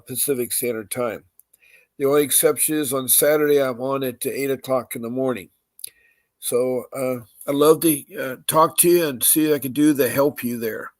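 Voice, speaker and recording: Man, podcast host, mid pitch, halting with fillers, repeats himself slowly, dry close sound. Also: no echo. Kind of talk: live-stream housekeeping announcements.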